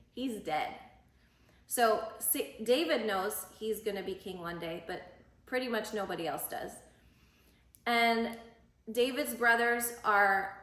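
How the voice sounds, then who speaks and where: A woman's voice: fairly high pitch, a bit bright. A young woman coaching, retelling a Bible story in a chatty, filler-heavy way and acting out quotes in voices. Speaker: faith and life coach. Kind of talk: casual Bible storytelling talk. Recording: echoey room.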